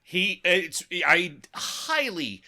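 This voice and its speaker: A man co-hosting a podcast in loose, casual chat. His voice is bright and his pitch moves a lot. He takes his time, and jokes and laughs often. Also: very animated. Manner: joking, laughs often, drawn-out phrasing. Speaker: podcast co-host.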